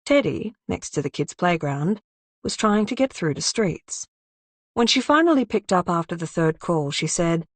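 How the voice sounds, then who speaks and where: A woman narrating a crime thriller audiobook in an even, measured manner. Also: lowish voice, no room sound. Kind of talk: scripted narration.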